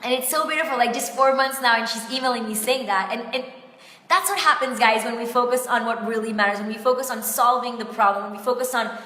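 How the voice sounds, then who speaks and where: Woman, business coach, live stream: high, gushing and teary-edged, recorded in an echoey room. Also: fast talker, sharp tone. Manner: effusive, heartfelt, peppered with "like". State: close to tears. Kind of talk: Facebook Live coaching talk. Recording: echoey room with long reverb.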